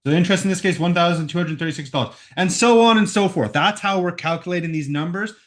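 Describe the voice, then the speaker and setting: A math teacher speaks fast as he walks through a problem in a recorded lesson, his somewhat high voice saying each step and often checking in with "right?". He is at home, using a computer microphone.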